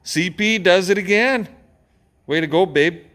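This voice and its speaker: A man's voice: high voice, fairly bright tone, no echo. A man who hosts a farm channel, chatting casually and rambling with lots of filler words while outdoors on his farm. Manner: laid-back, rambling, drawn-out filler words. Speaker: farmer and channel host. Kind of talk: casual vlog chat. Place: outdoors on a farm, in and around farm machinery. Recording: noisy outdoor farm recording. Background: engine and outdoor noise.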